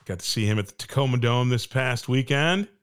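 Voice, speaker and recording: A man's voice: mid-range voice, expressive, brisk, smooth. A man co-hosting a casual podcast chat, teasing the others and chuckling, with some swearing. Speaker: podcast co-host.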